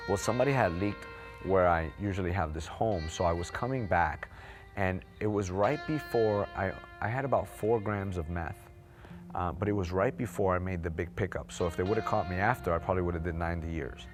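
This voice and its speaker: A man telling his personal testimony in a fast, unscripted way, with many fillers and restarts. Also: low voice. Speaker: testimony speaker. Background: background music.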